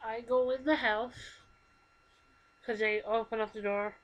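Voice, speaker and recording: Earnest young woman, slightly high voice. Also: steady tone, rough recording. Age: 20s. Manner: halting, earnest, emotional. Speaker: vlogger. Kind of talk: confessional personal talk to camera. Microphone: computer microphone.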